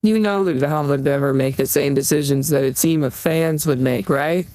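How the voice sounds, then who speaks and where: A man's voice: fairly high pitch, moderate pace, a little mellow, low-quality recording. A young man streaming, chatting casually and rambling while he reads out donations, into a desktop USB mic. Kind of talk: casual livestream chat.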